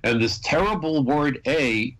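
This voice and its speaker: Older man telling a lively anecdote. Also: mid-range voice, measured pace, low-quality recording. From United States. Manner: animated storyteller. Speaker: guest, former federal agent. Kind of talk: radio talk show anecdote.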